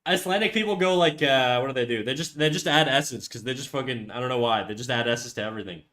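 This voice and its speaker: A man's voice: mid-range voice, fast talker, sharp tone. A man chatting casually on a live stream, rambling, self-deprecating and swearing freely. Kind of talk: casual livestream chat.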